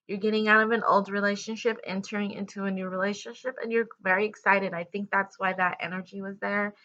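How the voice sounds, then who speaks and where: A woman's voice: mid-range voice, little pitch movement, fast, pushed and bright, highs cut off. A woman giving a casual tarot love reading to her viewers, talking in a rambling way with fillers and restarts. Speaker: tarot reader.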